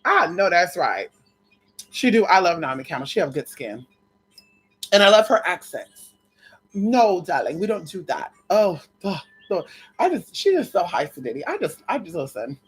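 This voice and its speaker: A woman's voice: fairly low pitch, very animated, normal speed, husky. A woman vlogger telling a story in casual chat, gossipy, calling listeners girl and honey, swearing and repeating phrases for emphasis.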